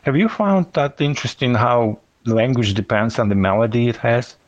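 A man co-hosting a podcast, chatting casually in a hesitant, halting and apologetic way. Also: mid-range voice, no echo, dull audio. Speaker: podcast co-host. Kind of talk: casual chat.

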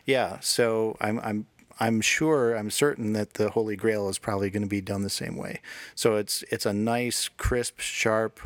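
A man's voice: fairly low pitch, fairly even intonation, unhurried, dry recording. A man guesting on a podcast, talking casually in a rambling way with many restarts. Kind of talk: casual chat.

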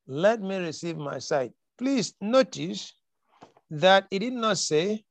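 A man with a high voice preaches with emphatic force. He repeats key lines for weight and acts out the scripture quotes. The sound is dry and close. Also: big pitch swings, measured pace, creaky, dry recording. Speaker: pastor. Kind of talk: sermon.

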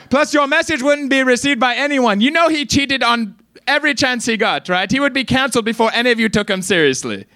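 Man doing Gandhi at a stage roast, high voice, bright tone, wobbly put-on accent, brash joker. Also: lively intonation, normal speed, no echo, studio quality, full character voice. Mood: cocky. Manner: mangled put-on accent, brash jokes, giggles at own lines. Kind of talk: stand-up roast set. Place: comedy stage.

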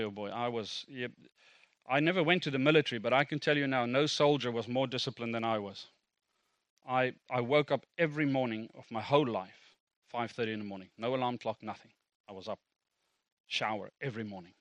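A man's voice: medium pitch, brisk, long pauses, a bit bright, dry recording, muffled recording. A middle-aged South African man, a native Afrikaans speaker, preaching a sermon as a pastor in a conversational, self-deprecating way with asides to the congregation.

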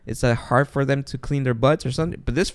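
Male podcast host, animated storyteller who swears a lot; mid-pitched, smooth resonant voice, dry close sound. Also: fast, no echo. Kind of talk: casual chat.

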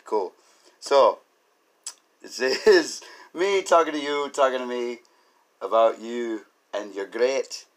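Male comedy podcast host, loose rambling monologue, self-deprecating goofball, average pitch. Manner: rambling, goofy, self-mocking jokes.

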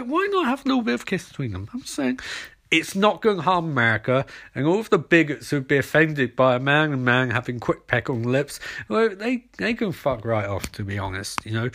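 A man's voice: medium pitch, a bit bright. A man hosting a podcast, recapping in a rambling, sarcastic way and acting out the characters as he goes. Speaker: podcast host.

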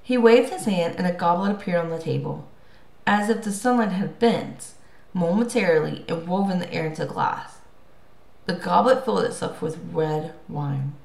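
A woman narrating a first-person audiobook in a lively storytelling manner. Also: on the low side, moderate pace, vocal fry. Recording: roomy echo.

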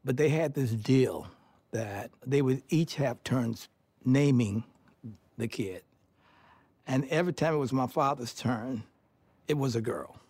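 An older man from Detroit, USA, recalling his childhood in an interview as an animated storyteller who chuckles as he talks and acts out family dialogue. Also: medium pitch, a little slow, long pauses, husky, no room sound.

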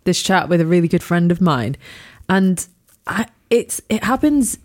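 A woman's voice: fairly low pitch, expressive, measured pace, darkish tone. A young woman, a podcast host, chatting candidly and laughing often. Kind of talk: casual chat.

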